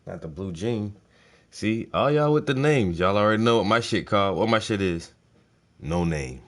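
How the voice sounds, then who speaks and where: Laid-back vlogger man, low register, swearing through rambling stories. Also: lively intonation, normal speed. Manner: profane, laid-back storytelling. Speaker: painting vlogger. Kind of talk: casual rambling chat.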